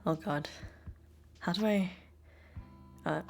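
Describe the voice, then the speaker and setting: A woman's voice: lowish voice, fairly even intonation, a little slow, faint music behind. A young woman, a live streamer, chatting casually and giggling often with her chat from home. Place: home room.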